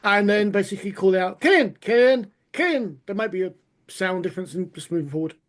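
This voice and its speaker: A man's voice: sits high, steady tone, fast talker. A man speaking as a player in a tabletop game, rambling with many fillers. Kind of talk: casual tabletop play.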